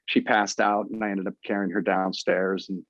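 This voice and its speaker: A man in his fifties with a lowish voice tells his own story as an interview guest, earnest and halting, restarting his sentences and leaning on fillers. The sound is dry and close, with dull, lo-fi remote audio that takes the shine off the voice. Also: flat delivery, fairly bright tone, no echo.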